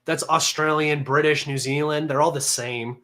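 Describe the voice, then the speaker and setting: Sarcastic, fast-talking man on a livestream. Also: a little high. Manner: mocking, sarcastic, combative; excitable, manic. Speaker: livestream host. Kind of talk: casual livestream commentary.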